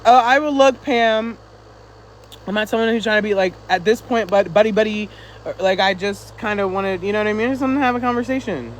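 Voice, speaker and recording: A man's voice: high-pitched, brisk, a little hiss or hum, rough recording. A man chatting casually on a live stream, reading viewer comments and teasing back, a little winded.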